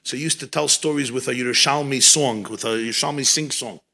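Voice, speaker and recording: A man's voice: mid-range voice, fast, creaky. A man, a rabbi, giving a farbrengen talk at a gathering, telling stories and teaching with Yiddish and Hebrew phrases mixed in. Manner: storytelling, animated, sprinkled with Yiddish and Hebrew. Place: gathering in a home.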